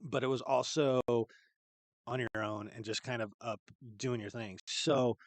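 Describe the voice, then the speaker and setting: A man's voice: mid-range voice, fairly even intonation, unhurried, no echo. A man hosting a casual live-stream podcast from a studio, laid-back and chatty with plenty of slangy asides. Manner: laid-back and chatty, says "rad" and "dude" a lot. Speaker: podcast host.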